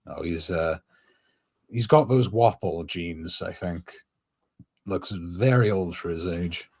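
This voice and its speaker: Low husky man thinking aloud. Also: slow, darkish tone. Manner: thinking aloud, musing with fillers. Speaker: streamer reacting to a manga. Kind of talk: casual reaction commentary.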